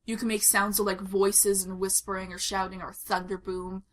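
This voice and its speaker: Introducing her character on a tabletop game podcast, a woman speaks in a level, medium-pitched tone at normal speed. The talk is casual and long-winded, a giggly ramble with lots of explanation.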